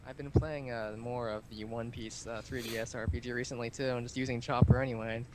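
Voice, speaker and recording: A man's voice: mid-range voice, flat delivery, quick pace. A man co-hosting a casual gaming podcast, talking in a chatty, jokey way and laughing often. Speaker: podcast co-host. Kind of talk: casual chat. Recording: clear background noise.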